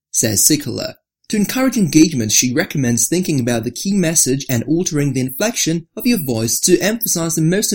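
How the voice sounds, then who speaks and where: Narrator for an article read-through: husky tone, lively pitch, scripted delivery. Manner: reads with marked rises and drops, lower for attributions.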